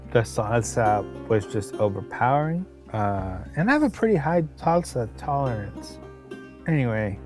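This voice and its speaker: A man co-hosting a podcast and telling a long restaurant story in casual chat, with exasperated asides. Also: medium pitch. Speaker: podcast co-host, restaurant critic.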